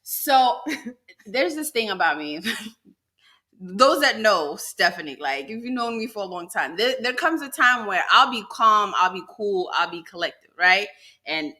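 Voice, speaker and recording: A woman's voice: mid-range voice, unhurried. A young woman co-hosting a podcast, telling a story in casual chat and acting out what people said. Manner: animated storyteller who acts out quotes. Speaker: podcast co-host.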